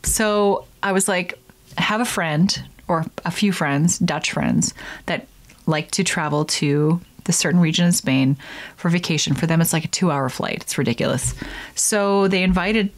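Brief: young woman, podcast host, chatty and animated, casual solo talk. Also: fairly low pitch, measured pace. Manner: chatty, animated, acts out silly voices in quotes.

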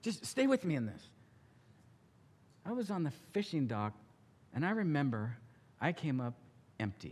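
A male pastor preaching a sermon, telling the story with animated acting-out of characters. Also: a little high, normal speed, pauses often, in a large hall.

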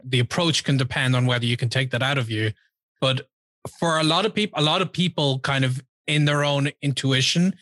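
Male interviewer, bright tone, dry close mic, earnest and a bit halting. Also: mid-range voice, no room sound. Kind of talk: interview question.

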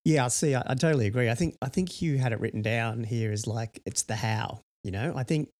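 A man's voice: medium pitch, a little fast, a little mellow. A man co-hosting a startup podcast in casual chat, rambling and full of "you know" fillers. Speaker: podcast co-host, startup founder.

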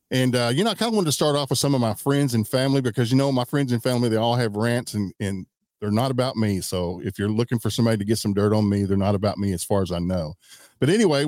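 A man's voice: medium pitch, a little mellow, dry recording. A man hosting a podcast, inviting listeners to call in, speaking in an easygoing, upbeat way from a studio. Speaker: podcast host. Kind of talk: podcast intro and casual hosting. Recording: music bed behind the voice.

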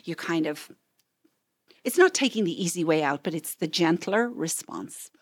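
A woman's voice: fairly low pitch, expressive, normal speed, husky, dry recording. A woman counselor giving a parenting talk, telling stories and acting out what parents and children say, with frequent "right?" asides.

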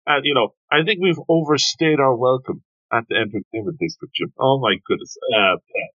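Bright-voiced joking man, lo-fi mic. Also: medium pitch, dry recording. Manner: playful, quick jokey interjections. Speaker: podcast co-host. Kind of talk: casual manga discussion. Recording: dull lo-fi dry mic.

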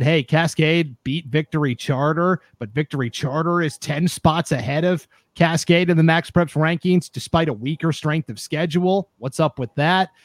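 Podcast host, male, higher voice, dry close mic, fires up fast and rants. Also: dry recording. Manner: animated, gets fired up and rants. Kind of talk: casual sports podcast chat.

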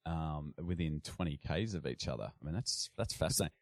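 A man's voice: extremely low pitch, animated, brisk, no room sound, clean studio sound. A middle-aged Australian man with an Australian accent, chatting as a guest in a rambling way with many restarts. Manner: rambling, frequent restarts and fillers. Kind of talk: casual conversation.

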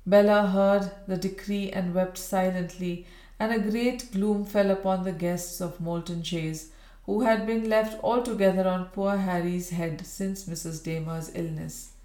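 A woman's voice: mid-range voice, fairly even intonation, measured pace, mellow. Woman narrating a Victorian story. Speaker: audiobook reader. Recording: roomy echo.

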